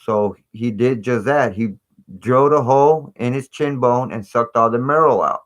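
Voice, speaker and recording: A man's voice: mid-range voice, moderate pace, muffled recording. A man hosting a live stream, talking in a rambling, casual way full of fillers and asides. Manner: rambling, filler-heavy, conspiratorial chat.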